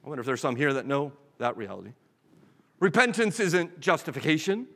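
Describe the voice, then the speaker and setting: A man's voice: fairly high pitch, expressive, fast, fairly bright tone, long reverb tail. A pastor preaching a sermon in an earnest, direct way, often restarting his phrases.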